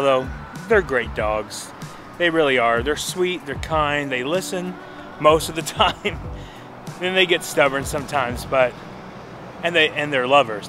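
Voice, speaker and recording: A man hosting a casual vlog from home, chatty and rambling, often restarting his phrases. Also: medium pitch. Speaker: vlog host.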